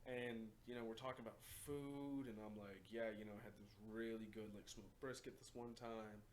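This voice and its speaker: A man, co-hosting a podcast and telling profane, animated stories with lots of laughter. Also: on the low side, normal speed. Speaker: podcast co-host. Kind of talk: casual storytelling chat. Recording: faint background noise.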